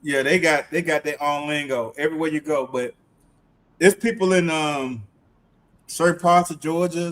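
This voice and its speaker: A man's voice: a little high, moderate pace. A man, chatting casually as a livestream co-host and telling stories with laughs. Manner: animated, laughing storyteller. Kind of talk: casual chat.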